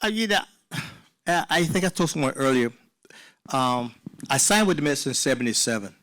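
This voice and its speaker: A man in his sixties from South Carolina, a former ballplayer answering questions at a live Q&A in a relaxed, rambling, self-mocking way. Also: mid-range voice, normal speed. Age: 60s. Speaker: former baseball player, guest. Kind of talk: casual storytelling in a Q&A.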